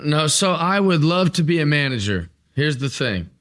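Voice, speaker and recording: A man's voice: a little high, sing-song, normal speed, a bit bright. A man co-hosting a wrestling podcast, talking in a playful, boastful heel-style bravado. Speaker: podcast co-host. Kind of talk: comedic casual chat.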